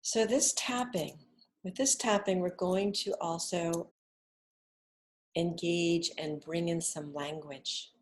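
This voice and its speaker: A middle-aged woman leading a gentle guided relaxation lesson, speaking softly and soothingly, with whispered exhales between instructions. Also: fairly low pitch, steady tone, slow. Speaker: wellness instructor.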